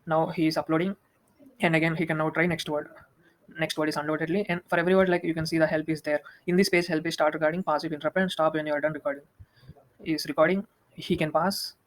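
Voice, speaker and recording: A young man walking through a software demo, talking quickly with many restarts. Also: a little high, rough recording. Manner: fast, flat, with frequent restarts and fillers. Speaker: student presenting a project demo.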